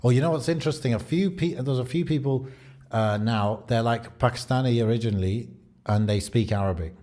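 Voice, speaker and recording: A man's voice: mid-range voice, brisk, dark tone. A man with a British accent chatting casually on a podcast, rambling and thinking aloud with many fillers. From Britain. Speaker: podcast co-host.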